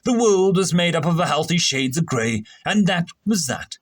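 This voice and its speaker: A man narrating a science fiction story aloud in an expressive, animated reading voice. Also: on the high side, moderate pace, dry recording.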